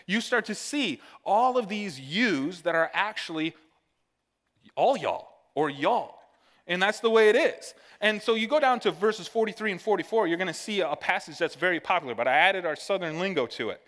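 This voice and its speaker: A man's voice: sits high, a bit bright, long reverb tail. A male pastor from the northern United States giving a conversational sermon and checking in with the congregation with "all right?". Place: church sanctuary.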